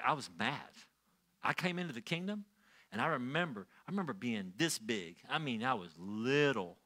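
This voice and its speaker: Bright, animated male pastor preaching. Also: mid-range voice. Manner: storytelling, swings from quiet to loud and excited. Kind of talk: sermon.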